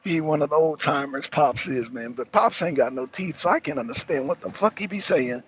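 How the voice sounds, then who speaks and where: Here a truck driver in his stopped rig talks fairly quickly in a high, animated voice, with a bit of hiss or hum on the line. He rambles through an easygoing, foul-mouthed chat and often breaks off mid-thought.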